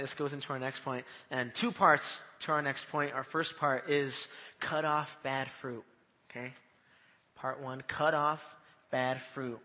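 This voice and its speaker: A man delivers a sermon in an animated, conversational manner, often tossing "right?" to his listeners. His voice sits a bit high and sounds bright and forceful. The sound carries a long hall reverb. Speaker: preacher.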